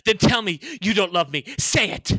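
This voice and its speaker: A man's voice: sits high, animated, moderate pace, sharp tone, dry recording, voice pushed up. A man hamming up a desperate young man pleading with his lover. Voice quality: forced American accent. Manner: overwrought, pleading.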